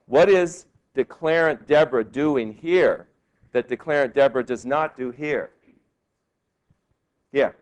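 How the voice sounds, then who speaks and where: A male law professor giving a classroom lecture, lively and quizzing his students with questions. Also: medium pitch, a little slow, long pauses. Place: law school lecture hall.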